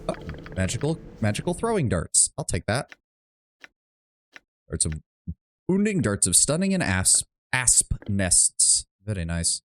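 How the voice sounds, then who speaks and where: A man's voice: on the low side, big pitch swings, a little slow. A man streaming a video game, chatting casually and wryly, swearing and thinking aloud about the game's rules. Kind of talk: casual let's-play commentary.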